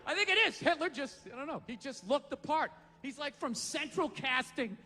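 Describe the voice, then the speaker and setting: A man's voice: very high voice, expressive, normal speed, pushed and bright, in a large hall. A man doing a stand-up comedy routine on a club stage, ranting with profane disbelief.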